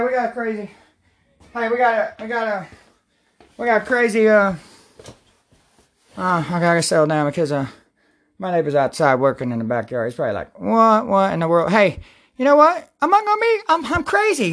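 Woman praying and preaching at home, repeats herself a lot, gets all excited, mid pitch. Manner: repetitive, excitable, rambling, prone to outbursts. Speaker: self-styled preacher leading prayer and Bible study. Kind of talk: livestreamed prayer and Bible talk.

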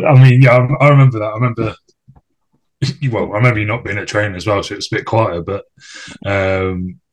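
A man's voice: lowish voice, steady tone, quick pace. A man hosting a podcast, chatting casually with a former teammate in a friendly, joking and self-deprecating way. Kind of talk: casual chat.

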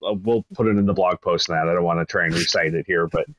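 A man with a lowish voice joins a casual podcast chat. He tells stories with warm enthusiasm. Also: fairly even intonation, quick pace, no room sound, dull audio. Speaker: podcast panelist.

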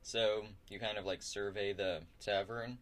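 A man's voice: lowish voice, fairly even intonation, a little slow, fairly bright tone. Hesitant man narrating as game master. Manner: hesitant, many fillers.

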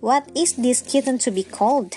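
A woman's voice: a little high, moderate pace, dark tone, soft background music, lightly acted. A woman voicing a kindly, trusting female mouse in a bedtime story, speaking in a prim, questioning way. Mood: puzzled.

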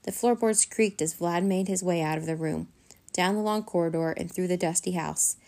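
A woman reads a bedtime story aloud in a gentle, steady way. Her voice sits low and has a gravelly grain to it. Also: normal speed. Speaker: children's story reader.

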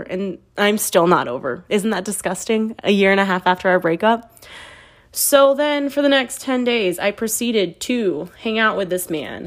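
Thirties woman, podcast host, animated confessional storyteller who pokes fun at herself. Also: mid-range voice. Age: 30s. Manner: animated, candid, self-mocking storytelling. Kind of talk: casual confessional chat.

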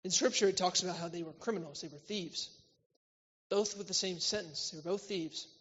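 A man preaching a church sermon, swinging between loud, emphatic lines and quiet, intimate ones. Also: high-pitched, fairly quick, breathy edge. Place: church hall. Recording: reverberant hall, slightly dull sound.

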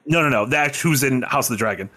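A man co-hosting a casual film podcast over a video call, animated and joking as he steers the talk. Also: medium pitch, fast talker. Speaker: podcast co-host.

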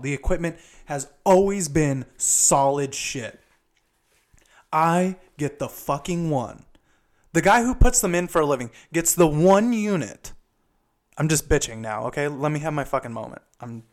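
Podcast host, male, slightly raised pitch, swears freely while venting a long story. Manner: profane, exasperated storytelling. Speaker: HVAC installer. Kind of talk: casual ranting monologue. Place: home kitchen, making pasta dough.

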